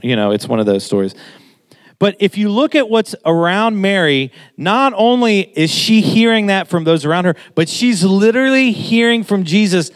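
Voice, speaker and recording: A man in his thirties preaching a sermon in a casual, conversational way, getting animated as he makes his point. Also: a little high, moderate pace.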